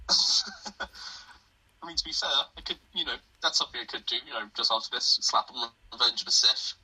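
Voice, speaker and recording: A man as a guest in a casual chat, relaxed and joking in quick asides. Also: medium pitch, breathy edge, low-quality recording.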